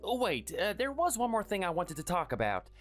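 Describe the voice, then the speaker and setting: A man's voice: huge pitch swings, fairly quick, fairly bright tone, faint music behind, exaggerated voice. A man playing a timid, sickly husband in his thirties who is meek and apologetic. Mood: pleading. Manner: meek and apologetic, raised pitch. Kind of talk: dramatized story dialogue and first-person narration.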